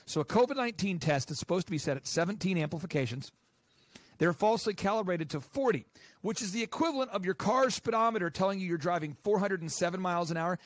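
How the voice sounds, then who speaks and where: A man with a notably high voice appears as an interview guest; he's a business coach and podcast host himself. Fired up and animated, he talks in rapid, emphatic bursts, recorded close and dry in a quiet studio with no room sound.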